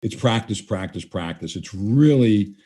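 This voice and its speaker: Older male interview guest, mellow and husky, a loose storyteller who plays out the dialogue he quotes. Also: fairly low pitch, lively intonation, a little slow. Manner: conversational, acts out quoted dialogue. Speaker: guest trainer.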